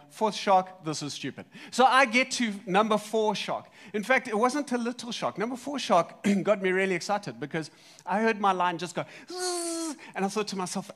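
A man preaching a sermon, telling a story in a lively way, swinging between loud and soft. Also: high-pitched. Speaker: pastor.

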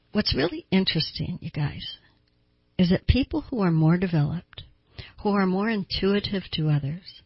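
A woman's voice: fairly low pitch, breathy edge, dry recording, highs cut off. A woman hosting a self-help talk show, giving advice to listeners in an emphatic way and repeating words for stress.

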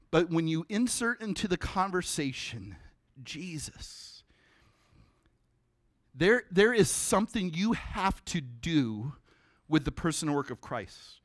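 Man, pastor, sermon, conversational, animated, sudden hushed drops, slightly high voice. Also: unhurried, no echo, clean studio sound.

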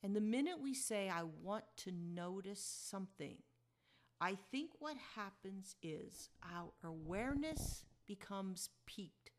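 A woman's voice: medium pitch, lively intonation, slow. A woman hosting a podcast tells a personal story to her listeners. Her delivery is chatty and reflective, and she chuckles as she talks. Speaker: podcast host.

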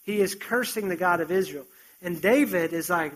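A man preaching a sermon, retelling a story with animated, conversational asides. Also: high-pitched, normal speed, rough recording.

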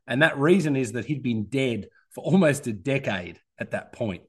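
A man's voice: mid-range voice, lively intonation, moderate pace, husky. A man in his thirties with an Australian accent hosts a casual podcast chat. He talks in an easy, chatty way and pokes fun at himself. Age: 30s. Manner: self-deprecating, chatty. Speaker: podcast host.

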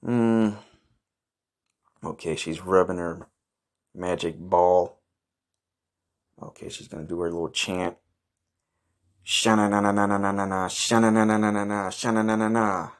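A man with a deep, low voice narrates his own comic misadventure in a brash, swaggering way. He swears constantly and flares up in shouting outrage. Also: slow pace, pauses often. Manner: crude, profane, brash and swaggering. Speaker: comedy podcast host. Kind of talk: improvised first-person comic narration.

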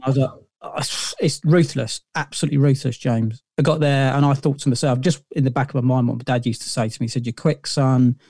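A man's voice: medium pitch, fairly even intonation, fast, few pauses, darkish tone, no echo, clean studio sound. A middle-aged man, a podcast guest telling long stories in a rambling way, full of fillers and restarts. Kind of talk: casual interview storytelling.

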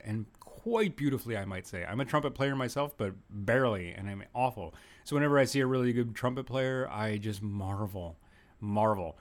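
Young male podcast host, solo monologue, mid-pitched, rambling, self-deprecating, earnest. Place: home room with an open window. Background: occasional breeze from an open window.

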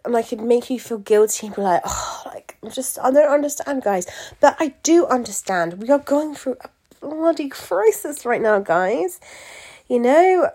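A woman's voice: mid-range voice, a little mellow. A young woman, a pageant coach, talking candidly to her followers in a casual, chatty monologue full of fillers and asides. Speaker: pageant coach and event organiser.

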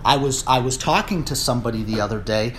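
A man from the United States delivering a political rant on his vlog, rambling with many fillers and restarts and rising into indignant shouting. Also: mid-range voice, fast talker, a little hiss or hum. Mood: measured. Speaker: political commentator.

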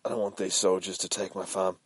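A man reading as a weary old male farmer, quiet, subdued, low-voiced. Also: level tone, fairly quick, husky, dry recording. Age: older.

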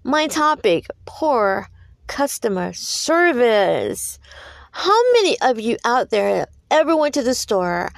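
A woman with a higher voice delivers a solo podcast monologue straight into a close mic. She talks in a preachy, animated way, full of fillers and restarts. The sound is dry, with no room around it. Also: takes it slowly, gravelly, no room sound. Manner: preachy, animated storytelling with frequent fillers and repeats. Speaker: podcast host.

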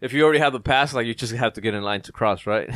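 A man co-hosting a casual chat, telling profane, animated stories. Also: mid-range voice, fast, no room sound, studio quality.

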